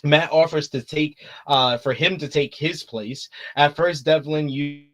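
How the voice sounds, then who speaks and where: A man's voice: a little high, fairly even intonation, unhurried. A man hosting a casual review show, recapping the plot in a laid-back way with frequent fillers. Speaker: host.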